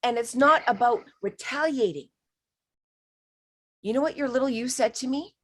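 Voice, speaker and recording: A woman healer speaks on a live stream, her voice sitting a little on the high side. She talks frankly and with emphasis, drops the odd swear word, and calls her listener honey. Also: moderate pace, breathy edge. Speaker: spiritual healer giving a reading. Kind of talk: live-stream healing reading.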